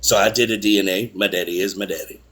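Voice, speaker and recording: Man in his 40s, lowish voice, chatty storytelling, acts out quotes. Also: fast talker, a little hiss or hum. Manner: animated, acts out quotes with raised pitch. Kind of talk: casual storytelling chat.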